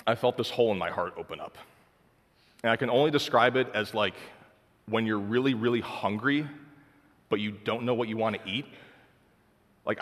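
A man's voice: on the low side, a bit bright. Young man telling his story in a reverberant hall. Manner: casual, heartfelt storytelling full of "like". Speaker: speaker sharing his testimony. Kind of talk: personal faith testimony.

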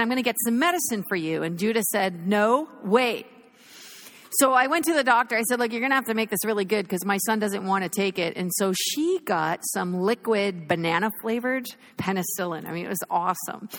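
A woman in her thirties preaching an animated sermon in a chapel, telling a story with laughter. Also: mid-range voice.

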